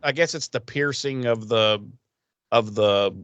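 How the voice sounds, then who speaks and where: A man's voice: medium pitch, unhurried, fairly bright tone, clean tone, no echo, lo-fi sound. Man casually recapping a TV episode. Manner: rambling retelling with acted-out quotes and swearing. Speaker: podcast co-host.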